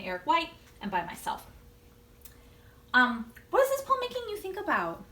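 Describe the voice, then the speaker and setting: A woman teaching a recorded lesson for children, gentle and encouraging, and inviting them to join in. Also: a little high, wildly swooping pitch, a little fast, long pauses, roomy sound. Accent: American.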